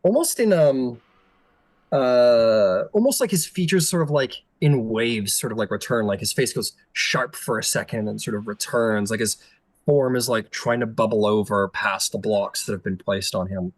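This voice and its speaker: A man's voice: fairly low pitch, normal speed, no echo, low-quality recording. A man narrating as game master in a loose, filler-heavy style.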